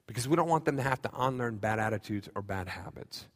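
A man's voice: mid-range voice, animated, fast talker. A man preaching a conversational sermon as pastor, mixing in self-deprecating humor. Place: church sanctuary. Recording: long reverb of a church hall.

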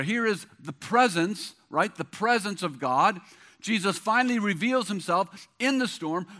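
Middle-aged pastor guy preaching, high bright voice, keeps hammering the same phrases. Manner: emphatic, repetitive preaching cadence. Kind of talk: sermon.

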